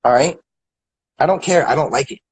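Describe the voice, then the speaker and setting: Husky-voiced man, thirties, furious stammering rant. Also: a little high, a little fast, no echo, low-quality recording. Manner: angry, profane, stammering repeats. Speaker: guest. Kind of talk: angry rant.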